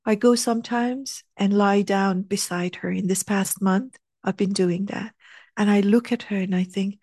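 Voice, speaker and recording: A middle-aged woman telling a heartfelt personal story, earnest and animated, sometimes dropping to a soft hush. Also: mid-range voice, normal speed, dry recording, studio quality. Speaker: speaker sharing a personal story.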